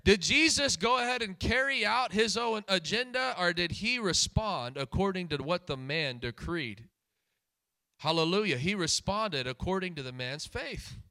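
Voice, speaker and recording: With lively intonation and a bright, forceful tone, this man preaches at normal speed from a high register. Emphatic and repetitive, he returns to key phrases and questions the congregation directly.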